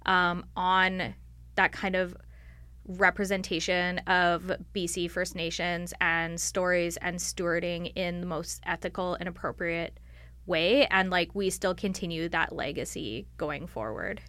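A woman's voice: fairly low pitch, steady tone, unhurried, fairly bright tone, no room sound. A woman on staff answering interview questions in a thoughtful, explanatory way, often using "like" as a filler. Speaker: library staff member.

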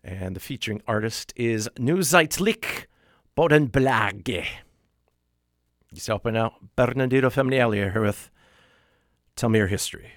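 A male radio host reading out a list of new releases, briskly, with wry asides when he corrects himself. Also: medium pitch, expressive, no room sound, clean studio sound. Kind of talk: radio music show, listing soundtrack releases.

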